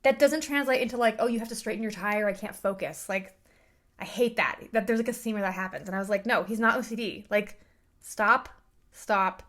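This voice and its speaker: A woman giving a casual, animated review rant, exasperated and full of fillers. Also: medium pitch, fast talker. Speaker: book and film reviewer.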